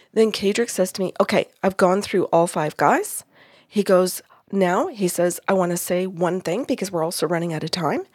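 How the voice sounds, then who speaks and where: A woman podcast host telling a story in a casual way, lively, acting out what others said in her own voice. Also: lowish voice, slightly rough, no echo, studio quality.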